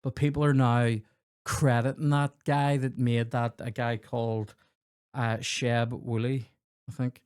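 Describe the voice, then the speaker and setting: A man hosting a comedy podcast, spinning loose, profane stories about childhood and slipping into other people's voices as he goes. His voice sits at an ordinary middle pitch and sounds close and dry, with no room around it. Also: a little slow, clean tone, no echo. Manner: rambling, sweary, animated anecdotes with acted-out dialogue. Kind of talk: casual storytelling chat.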